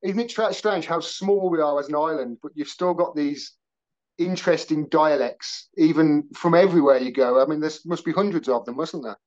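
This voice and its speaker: A man with a West Midlands accent joins a podcast as a guest, speaking in a fairly high voice. He chats in an animated, wryly ironic way. The call audio sounds dull and lo-fi. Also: moderate pace. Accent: West Midlands English. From Wolverhampton, England. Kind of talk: casual video-call chat.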